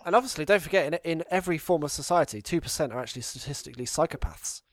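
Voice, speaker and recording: A man's voice: fairly high pitch, lively intonation, racing, dry recording, clean studio sound. A man, telling rambling anecdotes on a casual chat show and laughing at them. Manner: rambling, laughs at his own stories. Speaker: podcast co-host.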